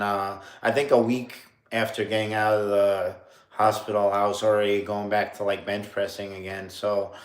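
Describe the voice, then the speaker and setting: A man in his late thirties from New York, telling a story on a casual livestream, rambling with lots of fillers and laughing at himself. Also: lowish voice. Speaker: streamer. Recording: roomy echo.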